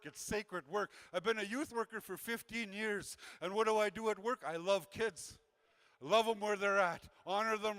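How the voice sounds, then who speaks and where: A man's voice: sits high, fairly bright tone. A man who works with youth, giving an earnest, repetitive motivational talk to a community gathering and acting out the voices of the people he quotes. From Canada. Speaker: youth worker and speaker.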